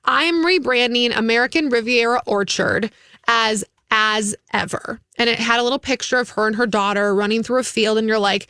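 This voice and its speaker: A woman's voice: fairly high pitch, normal speed, pushed and bright, clear, resonant tone, dry recording, studio quality. A woman from Minnesota co-hosting a casual radio gossip chat, talking chattily and acting out quotes in voices. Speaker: radio show co-host.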